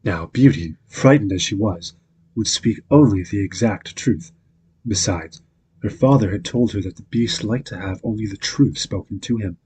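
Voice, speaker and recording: Male radio storyteller, low and raspy, calm bedtime reading. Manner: calm, measured narration.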